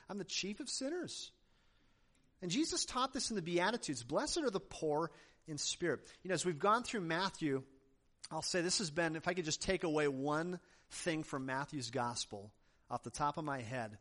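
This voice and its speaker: Animated pastor preaching with emphasis. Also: male voice, a little high. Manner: emphatic preaching with repeated phrases; conversational asides. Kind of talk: sermon.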